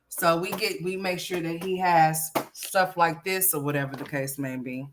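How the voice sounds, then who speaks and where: A woman's voice: lowish voice, a little slow, long pauses, slight background noise. A woman hosting a casual livestream, chatting with viewers and turning to talk to her son at home. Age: adult parent. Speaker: livestream host.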